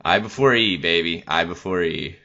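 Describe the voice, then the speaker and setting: A man with a low, sharp-edged voice chats loosely on a podcast, peppering his talk with "like" and jokes. The sound is dull and lo-fi. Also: moderate pace, creaky. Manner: loose, joking, lots of "like". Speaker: podcast co-host. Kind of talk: casual podcast chat.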